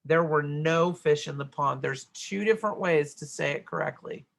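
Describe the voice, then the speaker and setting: A woman's voice: low voice, moderate pace, gravelly. A middle-aged woman teaching a grammar worksheet lesson, explaining step by step and checking in with "right?".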